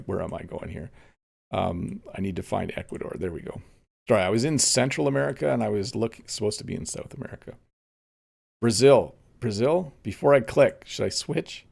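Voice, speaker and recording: A man with a lowish, gravelly voice teaches English during a relaxed live stream. He thinks out loud and drifts between points. His talk is loose and unhurried, with plenty of ums. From Canada. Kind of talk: live-streamed casual lesson.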